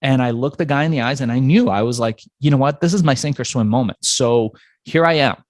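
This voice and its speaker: Dry-voiced man telling a lively story. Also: mid-range voice, brisk, no echo. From Iran. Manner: acts out voices of people in his stories. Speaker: entrepreneur guest. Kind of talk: animated storytelling in an interview.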